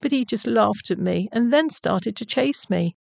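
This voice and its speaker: A woman's voice: a little high, expressive, measured pace, gravelly, darkish tone, dry recording, voice pushed up, exaggerated voice. A woman voicing a frightened young boy rabbit in a storybook, earnest and apologetic. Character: scared young boy bunny.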